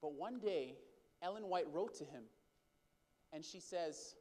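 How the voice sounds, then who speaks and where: Male preacher, high voice, storytelling sermon style, talks straight to the congregation. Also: expressive, unhurried, a little mellow. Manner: addresses the congregation as brothers and sisters; calls for responses from the congregation.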